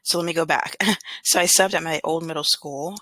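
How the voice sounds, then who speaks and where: A woman from Southern California, a substitute teacher, telling a story to camera in a chatty, rambling way with fillers and throat clearing. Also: low-pitched, steady tone, normal speed, fairly bright tone, dry recording. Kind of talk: casual storytelling vlog.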